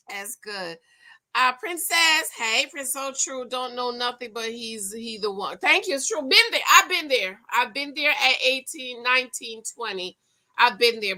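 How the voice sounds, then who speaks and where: A woman's voice: on the high side, sharp tone. A middle-aged woman hosting a casual livestream, reading viewer comments and laughing as she talks straight to her viewers.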